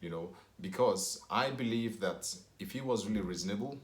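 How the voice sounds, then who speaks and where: A Nigerian man vlogging to camera, his voice low and deep. He tells his story in a loose, rambling way, full of "you know", and the room gives back a clear echo. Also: normal speed.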